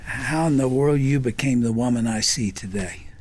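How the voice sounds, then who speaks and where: An older man hosting a radio interview, asking questions slowly and deliberately in a studio. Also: mid-range voice, a little mellow. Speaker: host.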